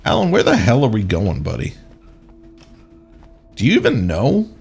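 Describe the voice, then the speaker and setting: A man gives a live gaming commentary, teasing the characters and bantering with chat. His lowish, husky voice swings widely in pitch. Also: wildly swooping pitch, normal speed, a little mellow, faint music behind. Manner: sarcastic, joking banter with chat and game characters. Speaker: streamer.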